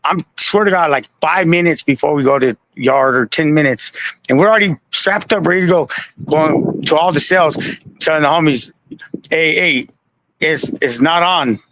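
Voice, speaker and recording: Bright, high-voiced man telling a story. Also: moderate pace, poor audio. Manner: animated, slangy, with laughs. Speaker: guest. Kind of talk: casual storytelling. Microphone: live stream call.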